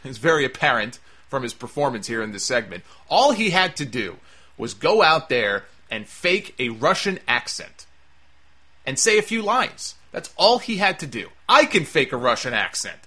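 A man's voice: mid-range voice, very animated, moderate pace, sharp tone, husky. A man giving a casual, sarcastic review of a wrestling show. He sounds exasperated and swears freely.

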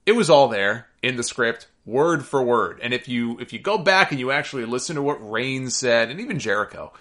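A man talks through a wrestling recap and mailbag like a casual podcast host. His voice is bright and forceful at a middling pitch, and he rambles with fillers and quick asides. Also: lively intonation.

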